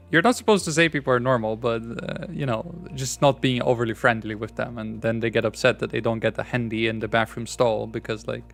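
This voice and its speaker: A man's voice: medium pitch, fairly quick, vocal fry, fairly bright tone, faint music behind. A man with a non-American accent streaming a game, chatting in a rambling, wry way, full of restarts and fillers. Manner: wry, laughs at his own jokes. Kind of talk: casual gameplay chat.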